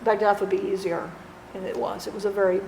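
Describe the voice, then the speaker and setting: A woman's voice: mid-range voice, little pitch movement, gravelly, darkish tone. Earnest woman in an echoey room. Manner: earnest, halting storytelling with restarts. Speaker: channeler speaking as a departed friend. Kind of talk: spiritual channeling testimony. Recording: roomy echo, faint background noise.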